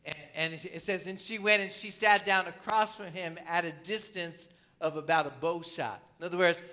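A man's voice: sits high, bright, forceful tone. A man preaching a sermon in a conversational way, with rhetorical questions and asides to the congregation. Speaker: pastor.

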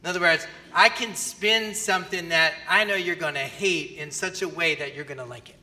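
A man preaching a sermon as pastor, animated and often asking the audience questions. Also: on the high side, normal speed. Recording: long hall reverb.

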